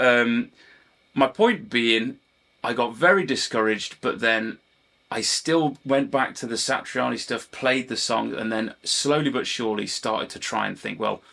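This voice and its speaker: Gravelly, husky man rambling. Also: lowish voice, fairly bright tone. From Britain. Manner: digressive, self-deprecating, often apologises for rambling. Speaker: guitar teacher and channel host. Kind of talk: rambling casual chat to camera.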